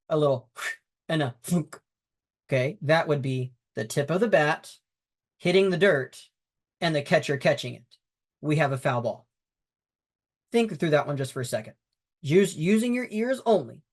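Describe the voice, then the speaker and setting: A man walks umpires through game footage, talking the way a coach does in a training video. He is conversational and emphatic, with frequent fillers and restarts. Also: a little high. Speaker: baseball umpire instructor. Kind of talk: instructional talk over game footage.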